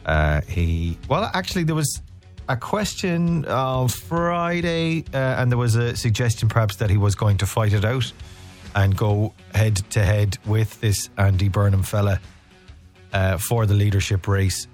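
A man's voice: on the low side, animated, unhurried, a little mellow, faint music behind. A man hosting a radio show, chatting casually and teasing his co-host. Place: radio studio.

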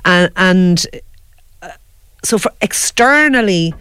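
A woman's voice: lowish voice, lively intonation, takes it slowly, fairly bright tone, smooth, no room sound. A woman hosting an interview, reflective and thinking aloud with small restarts. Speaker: podcast host. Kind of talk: conversational interview.

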